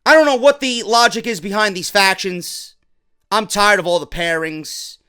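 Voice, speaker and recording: A man with a New York accent reviewing a wrestling show, ranting with profanity and sarcasm and getting loud and heated. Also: high-pitched, normal speed, smooth.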